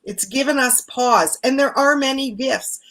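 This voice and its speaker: A woman hosting a women's circle, speaking calmly and reflectively about prayer, quiet and sisterhood on a live video call. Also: high voice, rough recording. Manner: calm, affirming, unhurried. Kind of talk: reflective spiritual talk.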